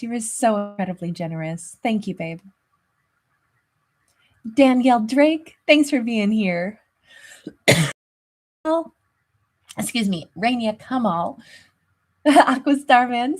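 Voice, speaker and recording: A woman's voice: medium pitch, expressive, measured pace, pauses often. A woman hosting a live tarot stream, greeting viewers by name in a chatty, affectionate way, often laughing. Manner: warm, chatty, laughs often, calls viewers babe and sweetheart. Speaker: tarot reader and channel host.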